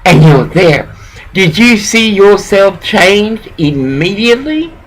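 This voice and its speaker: Man, pastor, slow drawn-out delivery, high voice, profane rambling sermon. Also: sing-song, rough recording. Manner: rambling, profane, lecturing someone directly. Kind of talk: profane preaching rant.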